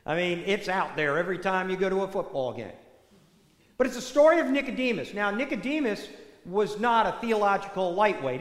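Animated high-voiced male preacher, echoey church. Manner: conversational, animated storytelling with many asides. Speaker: parish priest. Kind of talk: sermon. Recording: echoey church hall reverb.

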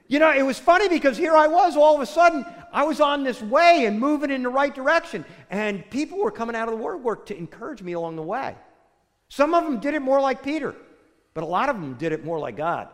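An older pastor preaches with a high, very lively voice, rising to loud bursts and then dropping almost to a hush. His sermon rings out with the long reverb of a church hall. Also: a little fast. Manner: storytelling, swings between loud bursts and soft hushed lines.

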